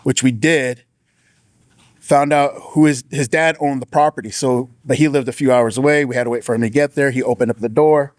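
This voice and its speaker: Man, personal testimony, casual storytelling, restarts, middle pitch, dry close sound. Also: fairly even intonation, a little fast, no room sound. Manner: acts out quoted voices with raised pitch. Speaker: former sheriff's deputy sharing testimony.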